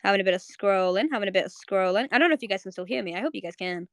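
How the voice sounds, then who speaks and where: A young woman hosting a live audio chat on a home mic, rambling in quick bursts with lots of fillers and repeats. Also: mid-range voice, no room sound, clean studio sound. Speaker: host of a live audio space. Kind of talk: casual live chat to listeners.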